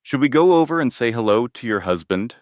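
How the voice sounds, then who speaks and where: A man voicing an older Texan oil tycoon who speaks quietly but sternly. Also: medium pitch, expressive, a little fast, dry recording, studio quality, pitched above the performer's own voice, lightly acted. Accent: Texan (figure).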